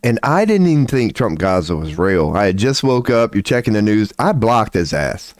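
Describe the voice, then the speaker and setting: A man rants casually on a livestream where he also gives tarot readings, talking at a moderate pace. He's excitable, profane and rambling, his pitch swinging widely as he gets worked up. The recording is studio quality with no echo.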